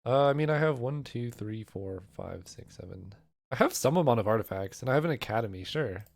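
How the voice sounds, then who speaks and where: A man talks through his choices in a loose, rambling way, stopping to weigh each option out loud. His voice is hoarse and half gone, and the delivery stays casual and conversational at an ordinary pitch. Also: animated, a little fast. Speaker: card game content creator. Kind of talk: casual thinking-aloud draft commentary.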